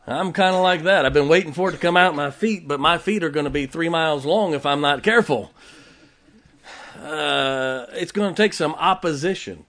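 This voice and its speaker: A man's voice: a little high, animated, normal speed, a bit bright. A man preaching a sermon as pastor, emphatic, with rhetorical questions, joking asides and check-ins with the congregation.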